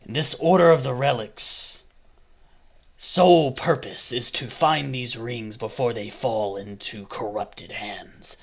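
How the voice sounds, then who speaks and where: Brief: man running a tabletop game, slow and hesitant delivery. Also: mid-range voice, gravelly. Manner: halting, hesitant narration. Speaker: dungeon master.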